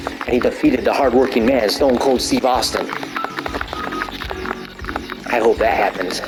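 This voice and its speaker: A man casually commentating his gameplay, rambling and joking with crude swearing and excited outbursts while stretching. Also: lowish voice, poor audio. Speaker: gamer commentating his play. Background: arcade game music.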